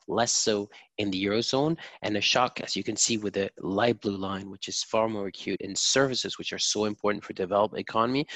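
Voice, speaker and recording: A man speaking as a guest market strategist, giving financial commentary in a measured way with frequent filler pauses. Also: lowish voice, a bit bright, dry recording.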